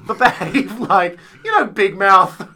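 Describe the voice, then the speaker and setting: A man chatting casually on a podcast about theatre shows, rambling and animated, slipping into quick silly voices. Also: high-pitched. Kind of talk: casual chat.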